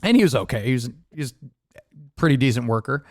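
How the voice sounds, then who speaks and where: A man's voice: mid-range voice, quick pace, no echo, studio quality. A man hosting a podcast, telling stories in casual chat, laughing often and acting out the people in them. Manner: laughing often, animated storytelling with impressions. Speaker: podcast host.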